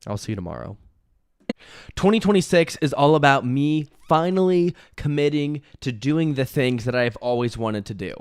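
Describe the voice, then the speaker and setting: A young man doing a rambling comic monologue, deadpan and self-pitying, sometimes cracking up at himself. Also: medium pitch, normal speed, smooth, no room sound, studio quality. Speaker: comedian.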